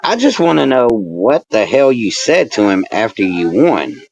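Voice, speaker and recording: A man's voice: fairly low pitch, unhurried, vocal fry, highs cut off. A man who is a wrestling manager and referee, talking as a guest in a casual interview, ranting and teasing with constant swearing. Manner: animated, swearing, teasing ranter. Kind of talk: casual profane interview chat.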